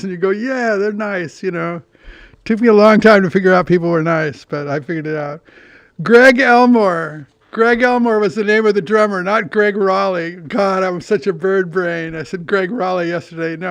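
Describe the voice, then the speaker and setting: A man's voice: sits high, clean tone, no room sound. A man in his eighties from California hosting a podcast, telling meandering, self-deprecating stories with frequent restarts and the odd curse. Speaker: podcast host. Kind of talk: rambling monologue.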